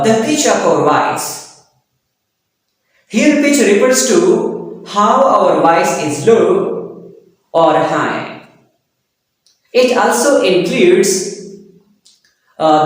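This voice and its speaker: Slow high-voiced male lecturer in echoey room. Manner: slow, explanatory, with frequent fillers. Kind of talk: recorded lecture. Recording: very echoey long-reverb room.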